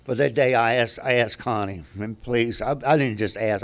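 Older man, recovery story, candid, rambling, many restarts, mid-range pitch. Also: moderate pace. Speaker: speaker at a recovery meeting.

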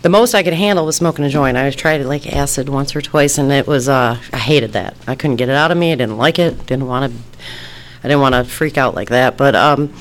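A woman's voice: extremely low pitch, a little fast. A woman from Detroit casually telling a personal story, rambling, restarting her sentences and laughing often. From Detroit, United States. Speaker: storyteller recounting her past.

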